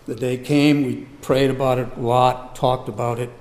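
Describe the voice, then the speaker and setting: An older man telling a personal testimony in an unhurried way, acting out remembered conversations. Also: medium pitch, level tone, darkish tone. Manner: unhurried, acts out remembered dialogue. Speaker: storyteller. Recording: long hall reverb, faint ambience.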